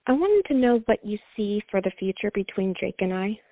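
A woman's voice: mid-range voice, big pitch swings, brisk, no room sound. A woman from Missouri calls in to a radio show, speaking in brief, polite answers. Her voice comes over a tinny phone line with a dry, close sound. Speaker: caller.

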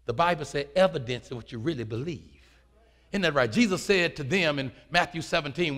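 A man preaching a sermon in a folksy manner, swinging from quiet asides to shouts. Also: a little high, gravelly, in a large hall. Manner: folksy, uses "ain't". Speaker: pastor. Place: church sanctuary.

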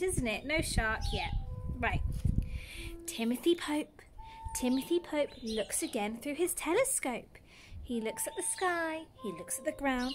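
High bright lady reading a picture book to toddlers, very animated. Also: slight background noise. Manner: animated, gasping, exaggerated storyteller. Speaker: nursery teacher. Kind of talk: reading a picture book aloud to young children.

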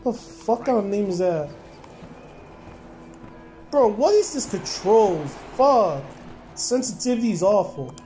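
A young man giving loud, profane, rowdy commentary while playing a game. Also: high voice, big pitch swings, takes it slowly, pauses often, soft background music. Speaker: gameplay commentator. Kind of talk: crude gameplay commentary.

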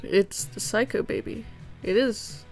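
A young animator draws live and chats casually with viewers, reading their messages in a bubbly, rambling style with many giggles and fillers. Her voice is fairly high and a little slow, and faint music plays behind her.

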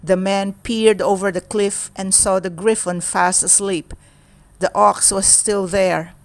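Woman, mid-pitched voice, reading a children's storybook, steady, clear. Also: unhurried. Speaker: storybook reader. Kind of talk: children's read-aloud.

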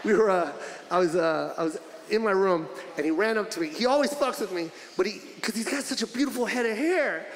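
A man's voice: high-pitched, fairly quick, echoey room. A man doing stand-up, telling a profane, confessional story about his son. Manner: profane, confessional, wounded-dad delivery. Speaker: stand-up comedian.

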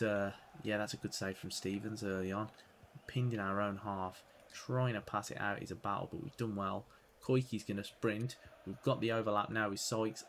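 A young man commentating live on his own football video game, excitable, swinging from muttering to loud outbursts. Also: lowish voice, a little hiss or hum. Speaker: gaming YouTuber playing career mode.

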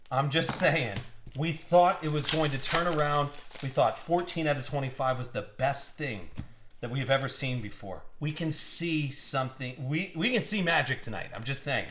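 A man with a slightly high voice calls out a live card break at home, excitable and teasing, laughing often between pulls. His voice rings in a roomy, echoey space. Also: slight background noise. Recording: roomy echo.

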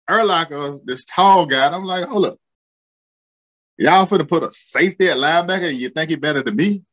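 A man, telling rowdy football stories in slangy, swearing, animated chat. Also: fairly high pitch. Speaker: guest, former football linebacker. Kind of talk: casual storytelling.

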